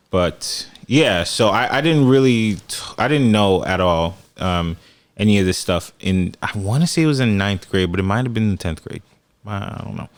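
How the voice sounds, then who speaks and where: A young man in his twenties co-hosting a podcast, telling stories casually and acting out quotes with big jumps in voice. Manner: animated storyteller, acts out quotes with big pitch jumps. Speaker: podcast co-host. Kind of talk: casual chat.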